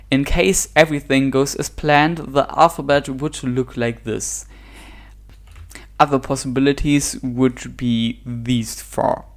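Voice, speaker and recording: Mid-pitched host, dry teasing humor, talks through a lesson. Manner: wry, lightly teasing. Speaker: video host. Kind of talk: explainer narration.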